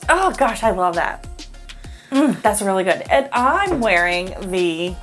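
A woman's voice: medium pitch, sing-song, unhurried, fairly bright tone, soft background music. A middle-aged woman hosting a casual chat, talking with enthusiasm and laughing often. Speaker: host.

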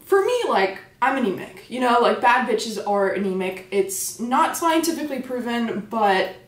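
A woman's voice: a little high, sing-song, normal speed. Joking young woman in an echoey room. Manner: joking, self-deprecating, sarcastic asides. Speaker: comedy influencer hosting a makeup tutorial. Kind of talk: casual makeup tutorial with jokes.

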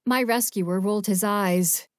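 A woman narrates an audiobook in the first person, reading with expressive emotion. Her voice is mid-range in pitch. The recording is dry and close, with no room sound. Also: measured pace, no room sound.

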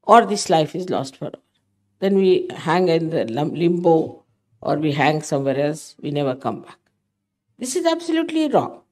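A woman's voice: low voice, sing-song, moderate pace, a little mellow. An older woman giving a spiritual talk to her followers, emphatic and motherly, often scolding. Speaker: spiritual teacher.

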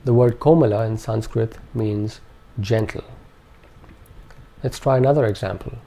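Slow, gravelly-voiced male language teacher. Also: on the low side, mellow. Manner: slow, careful, enunciating each syllable. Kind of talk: scripted lesson narration.

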